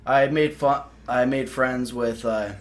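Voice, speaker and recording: A man's voice: medium pitch, steady tone, slow. A young man from South Dakota, hosting a podcast and telling rambling, profane stories in casual chat. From South Dakota, USA. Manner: rambling, profane, laughs mid-story. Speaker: podcast host.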